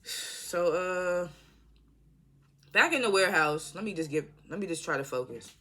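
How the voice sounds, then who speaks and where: Bright-voiced, slangy casual TV recapper. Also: mid-range voice, normal speed. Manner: slangy, profane, rambling, often apologizing. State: irritated by background noise. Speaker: TV show recap vlogger. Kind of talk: casual spoken episode recap.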